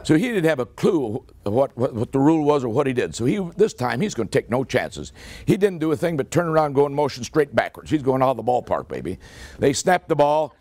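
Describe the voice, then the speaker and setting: Recorded without room sound, the voice is medium-pitched and a little mellow, belonging to an older American man. He gives a humorous after-dinner talk at a club meeting hall, acting out dialogue as he spins a folksy, punchy football story.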